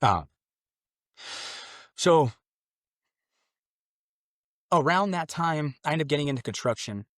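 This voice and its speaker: A man's voice: fairly high pitch, expressive, slow pace, pauses often, a bit bright, no echo, studio quality. A man in his late twenties, a podcast guest telling his personal conversion story in an earnest, loose conversational way. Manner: earnest, loose and conversational, acting out his own past thoughts.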